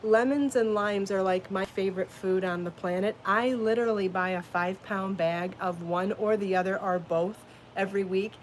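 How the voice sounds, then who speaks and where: A woman's voice: medium pitch, steady tone, moderate pace, a little hiss or hum. A woman hosting a casual live podcast from home, chatty and bubbly, laughing often as she talks. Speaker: podcast host and crochet designer. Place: home, then out in her garden.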